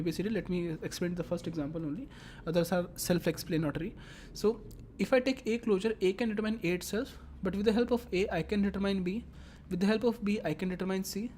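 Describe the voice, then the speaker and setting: A woman's voice: medium pitch, mellow, a little hiss or hum. A woman teaching a lecture, explaining step by step and repeating her phrases as she works through examples. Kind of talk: classroom lecture.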